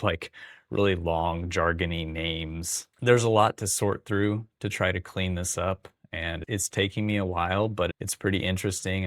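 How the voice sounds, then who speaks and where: Guy with a deep even voice talking through greek grammar off the cuff, lots of "like"s, dry close sound. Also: dry recording. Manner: thinks aloud, with restarts and "like" fillers. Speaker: Greek teacher. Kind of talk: casual teaching monologue.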